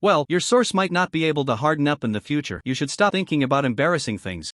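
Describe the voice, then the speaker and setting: A man's voice: fairly high pitch, lively intonation, fast talker, fairly bright tone, no echo, clean studio sound. A man voicing a sly, scornful male skeleton in a story recap. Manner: mocking.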